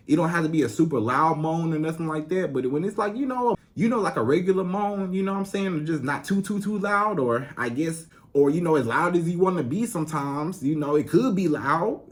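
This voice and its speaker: A man working as a relationship coach, giving casual advice straight to his female viewers in a loose, chatty way full of "you know". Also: mid-range voice. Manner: addresses female viewers directly. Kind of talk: casual advice monologue to camera.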